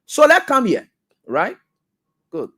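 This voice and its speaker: A man hosting a radio talk show, giving animated, scolding political commentary. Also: very high voice, slow, husky.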